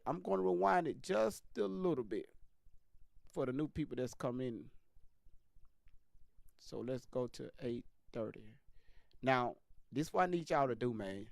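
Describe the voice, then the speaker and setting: A man's voice: medium pitch, measured pace, gravelly, long pauses, dry recording, clean studio sound. Emphatic man talking to his live viewers. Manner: emphatic, repeats himself, keeps addressing viewers directly. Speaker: live stream commentator. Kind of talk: live stream commentary.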